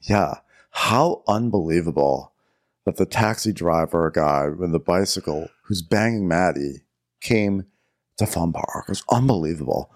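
A man's voice: deep voice, animated. A man co-hosting a podcast who recaps a reality show in a playful, gossipy storytelling way. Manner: playful storytelling with quick quoted bits. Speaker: podcast co-host. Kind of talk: casual reality TV recap chat.

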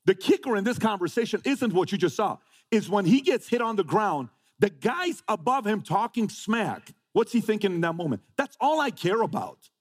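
Animated high-voiced male motivational speaker. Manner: emphatic, repeats phrases, rhetorical questions. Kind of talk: motivational talk to a live audience.

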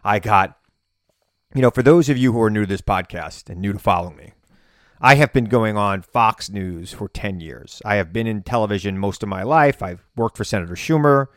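A man hosting his own podcast, telling a story in a casual, animated way, sometimes yelling for effect. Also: fairly low pitch, moderate pace, no echo, studio quality. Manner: animated storytelling, bursts of yelling when reenacting. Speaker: podcast host and political commentator. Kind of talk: casual solo podcast monologue. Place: home basement studio.

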